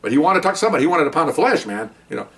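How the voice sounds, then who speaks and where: Fast-talking ex-cop telling a story. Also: male voice, gravelly, distant mic. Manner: animated, acts out other people's lines with raised pitch. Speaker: retired police officer telling stories. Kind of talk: casual storytelling monologue.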